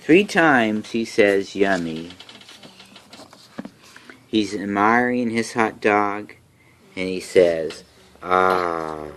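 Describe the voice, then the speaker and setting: A woman at home reading a picture book aloud to young children, gently coaxing them with questions. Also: a bass voice, expressive, slow, slight background noise.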